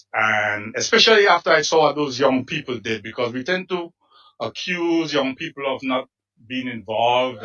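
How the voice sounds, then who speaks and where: A man with a bright, forceful tone speaks earnestly but haltingly. The sound is dull and he is heard from a distance off the mic. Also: medium pitch. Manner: hesitant, earnest. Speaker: doctor speaking in support.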